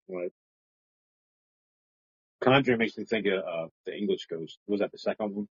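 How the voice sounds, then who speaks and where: A man co-hosting a casual book chat podcast, joking and rambling with big swings in pitch. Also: sing-song, moderate pace, creaky, husky, dry recording. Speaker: podcast co-host. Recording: dull lo-fi home podcast audio.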